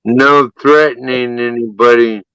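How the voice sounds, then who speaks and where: A man moderating a live stream, chatting casually in a slow, laid-back drawl. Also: mid-range voice, fairly even intonation, fairly bright tone, clear, resonant tone, dry recording, low-quality recording.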